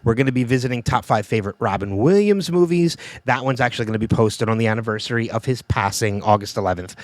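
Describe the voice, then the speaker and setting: A man hosting a podcast, running through upcoming guests in a relaxed, rambling way with plenty of fillers. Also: mid-range voice, fast, no echo. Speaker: podcast host. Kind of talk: casual podcast chat.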